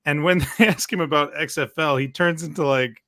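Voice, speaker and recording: Brief: middle-aged Canadian man, podcast guest, bright forceful tone, dry close sound, animated storyteller. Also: fairly high pitch, normal speed, no room sound. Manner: animated, acts out quotes in mock voices. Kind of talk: casual podcast chat.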